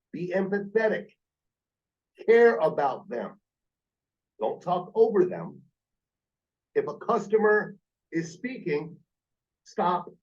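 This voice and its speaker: A man coaching a team of phone sales agents. His voice sits a little high, and he drives his points home by repeating them. The sound is slightly muffled and lo-fi. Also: a little mellow. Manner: emphatic, repeats key points. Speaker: sales trainer. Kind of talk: coaching a call-center team.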